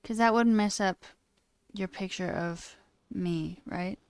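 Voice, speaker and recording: Gravelly-voiced woman streamer thinking aloud. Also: mid-range voice, takes it slowly, no echo, clean studio sound. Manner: chatty, thinking aloud while working. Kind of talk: casual coding stream chat.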